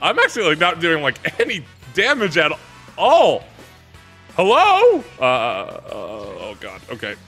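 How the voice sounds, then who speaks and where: A young man chats loosely over his gameplay, with a lively pitch that swings widely and a bright, gravelly voice. Game music plays faintly behind him. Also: a little slow. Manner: loose, chatty, laughs a lot. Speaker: gaming YouTuber. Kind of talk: casual gameplay commentary.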